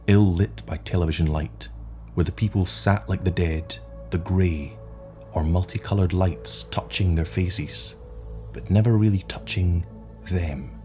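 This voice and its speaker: Deep-voiced man narrating a story. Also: mellow. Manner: measured, atmospheric storytelling. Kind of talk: short story reading.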